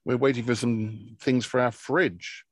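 A man's voice: medium pitch, fairly even intonation, measured pace, husky, no echo. A man co-hosting a podcast, chatting casually and trading dry jokes with his co-host. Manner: dry, joking banter. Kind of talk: casual chat. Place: outdoors near a camper van.

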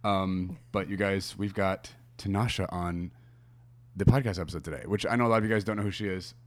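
A male podcast host with a fairly low voice, talking in a relaxed, rambling way. He speaks straight to his audience in a casual chat. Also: fairly quick. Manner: chatty and meandering, talking to listeners.

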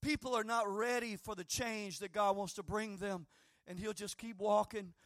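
A man preaching a sermon with fervor, swinging between shouting and hushed tones. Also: high voice, fairly even intonation, normal speed, dry recording, studio quality.

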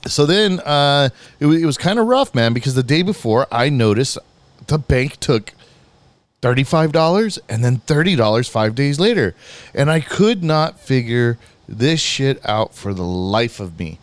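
A man's voice: mid-range voice, normal speed, no echo. Profane rambling young man, dry sound. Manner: profane, rambling, animated retelling. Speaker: podcast host. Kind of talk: casual storytelling chat.

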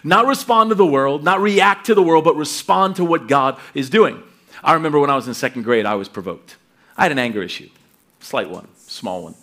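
A middle-aged pastor preaching, reading scripture and telling lively personal stories, acting out voices and laughing as he goes. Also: fairly high pitch, a little fast. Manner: animated storytelling, acts out voices, laughs often.

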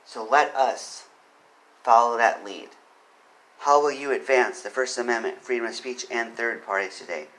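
A man's voice: medium pitch, normal speed, fairly bright tone, low-quality recording. Earnest man explaining a court case. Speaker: commentator on court cases. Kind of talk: casual spoken commentary on a legal case.

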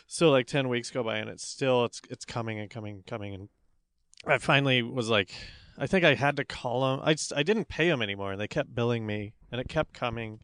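A man's voice: mid-range voice, fast talker, fairly bright tone, clear, resonant tone, no echo, studio quality. A man co-hosting a podcast, telling a blunt, profane story in casual chat. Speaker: podcast co-host.

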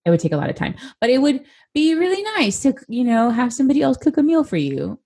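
A woman's voice: high-pitched, sing-song, fast, warm tone, husky. A woman co-hosting a podcast in a laid-back, joking, teasing way. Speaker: podcast co-host. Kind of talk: casual chat.

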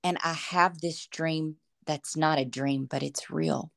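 Low-voiced woman telling her testimony. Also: steady tone, takes it slowly, vocal fry, a bit bright. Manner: earnest, emotional storytelling. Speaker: podcast guest. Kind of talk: personal faith testimony in conversation.

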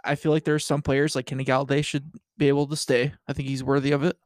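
A man's voice: mid-range voice, flat delivery, quick pace, no echo, studio quality. A man co-hosting a casual sports podcast, agreeable and full of fillers. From Detroit area. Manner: agreeable, frequent fillers and trailing-off phrases. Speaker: podcast co-host.

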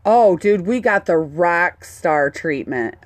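A woman telling a story in casual chat, animated and swearing freely. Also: lowish voice, takes it slowly, no room sound. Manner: animated, swears a lot, acts out quotes.

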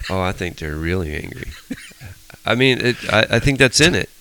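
A man's voice: lowish voice, expressive, moderate pace, sharp tone, clean tone, dry recording, rough recording. A middle-aged man leading a Bible study, telling stories animatedly with frequent restarts. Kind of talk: casual teaching discussion.

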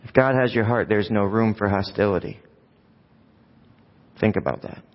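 A man's voice: on the low side, moderate pace. A man preaching a conversational sermon, often asking the congregation rhetorical questions. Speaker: pastor. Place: church sanctuary. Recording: dull sound with long hall reverb.

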